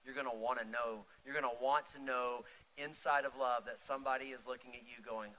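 Bright-voiced preacher man, loud then hushed. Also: mid-range voice, fairly even intonation, brisk, rough recording. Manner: swings from loud urgent pleading to soft intimate storytelling. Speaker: pastor. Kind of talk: sermon.

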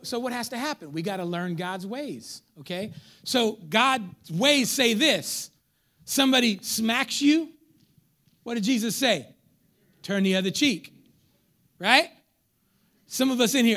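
A man's voice: very high-pitched, a little slow, pauses often. A man preaching a sermon as pastor in a church, joking with the crowd and acting out his listeners. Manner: animated preacher, acts out congregants, jokes with crowd. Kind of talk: lively sermon.

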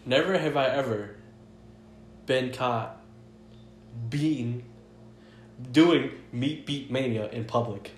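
A man's voice: mid-range voice, slow pace, pauses often. A young man co-hosting a podcast, laid-back and slangy in casual chat. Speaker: podcast co-host. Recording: echoey room with faint noise.

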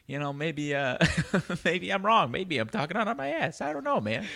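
A man co-hosting a casual sports podcast, rambling in a relaxed way with lots of fillers. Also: fairly high pitch, normal speed, vocal fry. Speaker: podcast co-host.

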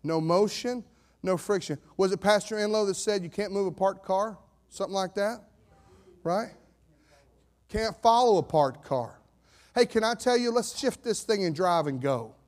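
A male pastor preaching a sermon, swinging between shouted declarations and low, steady scripture reading. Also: normal speed.

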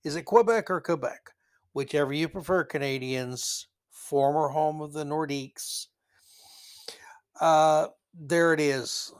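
A man's voice: a little high, unhurried, clear, resonant tone. A man hosting a solo opinion podcast, ranting sarcastically and hammering his key words. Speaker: podcast host.

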